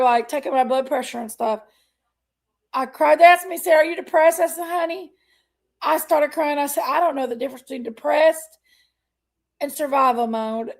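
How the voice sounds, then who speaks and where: At a normal speed, a woman with a high voice and gravelly fry chats with viewers on her livestream. She's chatty, greets people by name with plenty of honey and y'all, and speaks openly and emotionally about what she's going through.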